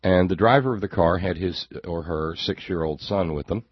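A man's voice: low-pitched, normal speed, slightly rough, no room sound, muffled recording. A man hosting a talk show, giving a sarcastic, rambling political monologue and repeating words as he goes.

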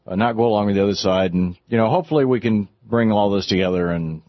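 A man doing a brief impression of a calm, conciliatory male politician giving a hesitant, even-handed statement. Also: lowish voice, quick pace, dry recording, dull audio, close to an everyday voice.

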